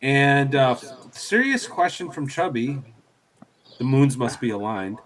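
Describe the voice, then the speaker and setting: Podcast host guy, mid-pitched, laid back, reading out the chat. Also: expressive, measured pace, crowd noise. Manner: easygoing, reads chat messages aloud.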